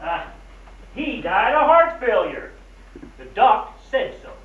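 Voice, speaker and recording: An actor playing a sardonic, polished worldly traveler in an old film. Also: male voice, very high-pitched, very animated, slow pace, slight background noise, heavily acted. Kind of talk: 1940s film acting. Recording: echoey, distant, dull old film soundtrack.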